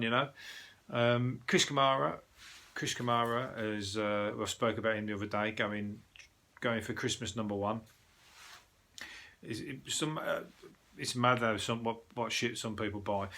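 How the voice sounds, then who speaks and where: A podcast host with a Birmingham accent runs a casual solo news show, rambling, chatting, and swearing with plenty of filler words. His voice is medium in pitch and fairly bright.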